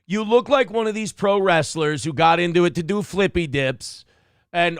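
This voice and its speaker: A man's voice: high-pitched, normal speed, smooth, no echo, clean studio sound. A man hosting a morning show, giving crude, mocking commentary over video clips, getting worked up.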